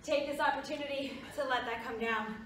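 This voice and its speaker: Breathless high-voiced female fitness coach. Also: steady tone, brisk, a bit bright, slight background noise. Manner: encouraging, form cues, short of breath. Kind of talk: workout instruction. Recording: echoey room, mic at a distance.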